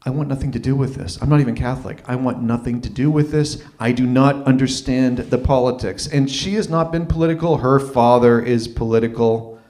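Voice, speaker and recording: A man's voice: medium pitch, fairly quick, few pauses, a little mellow. A man telling a personal story at a live open-mic event, conversational and self-deprecating, often restarting his phrases.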